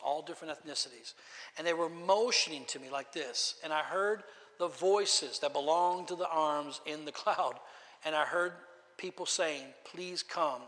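A man's voice: on the high side, a bit bright, in a large hall. A man pastor preaching a testimony sermon in a storytelling way, emotional and repeating his words.

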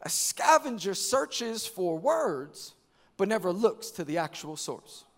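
A man from New York preaching a sermon at a church service, animated, often repeating words and rising to shouts. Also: high voice, takes it slowly. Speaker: pastor.

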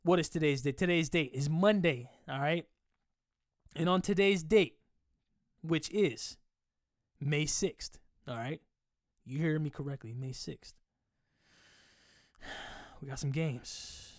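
A man's voice: on the high side, takes it slowly, pauses often, no echo, clean studio sound. A man hosting a podcast, chatting casually and profanely about sports, rambling and joking at himself. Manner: loose, profane, rambling, jokey. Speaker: podcast host.

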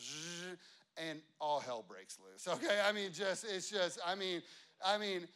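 A man in his thirties telling a rambling family story to an audience, animated and full of asides and fillers. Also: high-pitched, clear, resonant tone.

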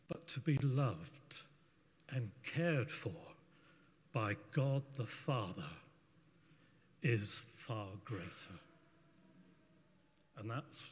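A man closes his church testimony, speaking slowly and from the heart. His voice is husky and unhurried. The long reverb of a church hall trails after each phrase. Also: medium pitch, a bit bright. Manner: slow, heartfelt. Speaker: church member giving testimony.

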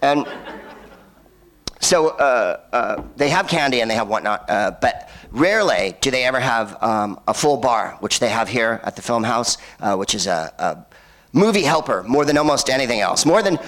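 A man works a cinema crowd with loose, sardonic stand-up banter. He wanders through tangents full of "uh"s and dry asides, and his voice sits at a middling male pitch. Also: lively intonation, normal speed, fairly bright tone. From United States. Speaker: comedian hosting a film screening. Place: cinema stage before a live audience.

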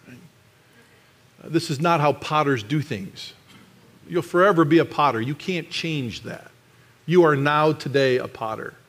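A middle-aged man preaching a sermon in church, animated and sometimes rising to a shout for emphasis. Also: a little high, unhurried, long pauses. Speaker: pastor.

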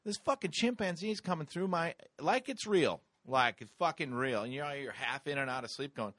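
Animated, swearing man telling stories. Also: a little high, moderate pace, dry recording, clean studio sound. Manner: profane, animated storytelling with laughs and shouted re-enactments. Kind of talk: casual chat.

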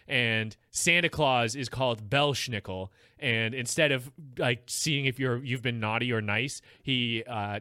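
A chatty man talking casually with a bright, forward voice. He rambles, restarts his sentences and laughs often. The sound is close and dry. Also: medium pitch, no room sound. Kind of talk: casual chat.

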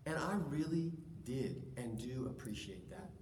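A man preaching a sermon in a church, lively and conversational, acting out stories. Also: mid-range voice, unhurried, a little hiss or hum. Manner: lively, conversational, acts out anecdotes. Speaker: pastor. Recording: echoey hall, distant mic, faint ambience.

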